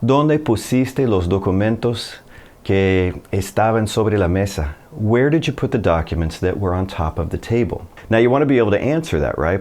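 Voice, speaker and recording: A man teaching a casual Spanish lesson, chatty and relaxed, slowing down for example sentences. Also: deep voice. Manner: relaxed, chatty explaining with slow model sentences.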